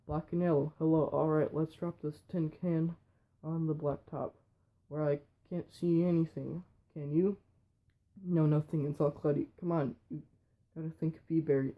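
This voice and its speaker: A man reading a whole film script aloud in a quick, flat way with slips. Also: on the high side, dull audio. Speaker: reader.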